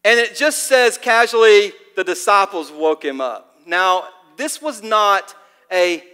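Bright-voiced high male preacher. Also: slow pace, smooth, in a large hall. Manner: animated storytelling with casual fillers. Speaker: pastor. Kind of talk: sermon. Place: church hall.

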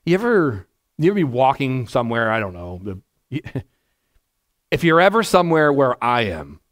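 A man, a pastor, giving a conversational verse-by-verse sermon to a congregation in a church, with a naturally loud voice and frequent "right?" asides. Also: medium pitch, big pitch swings, normal speed. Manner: naturally loud, chatty, asks the room "right?". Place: church sanctuary before a congregation.

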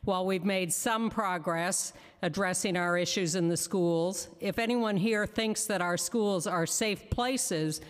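A woman giving prepared testimony at a council hearing, emphatic and deliberate, slowing down to stress each word of a list. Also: fairly low pitch, long reverb tail. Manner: emphatic, deliberate, slows on lists. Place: council chamber.

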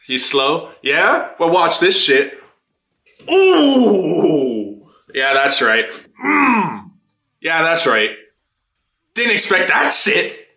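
A man hosting a casual anime reaction, excitable, laughing often and swearing freely as he watches. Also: a little high. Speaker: anime reaction channel host. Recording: roomy echo.

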